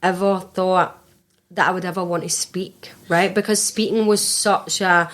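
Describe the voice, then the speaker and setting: A woman's voice: fairly low pitch, fairly even intonation, measured pace, a bit bright. A Glaswegian woman, a life and business coach, chatting animatedly on a podcast and laughing often as she tells stories. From Scotland. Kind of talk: casual podcast chat.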